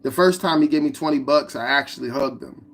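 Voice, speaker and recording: A man narrating his own memoir as an audiobook, in a plain, steady reading. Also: medium pitch, brisk. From United States.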